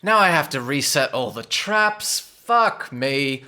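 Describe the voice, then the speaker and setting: A man's voice: mid-range voice, expressive, takes it slowly, pushed and bright, heavily acted. A man voicing a haggard old woman in a tabletop game; she grumbles and brushes people off with exasperation. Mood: irritated.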